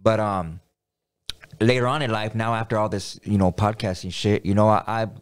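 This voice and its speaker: A man's voice: lowish voice, fairly even intonation, normal speed, clear, resonant tone. Rambling, slangy middle-aged man. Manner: rambling, full of street slang and repeated words. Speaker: podcast guest. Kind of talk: casual storytelling in an interview.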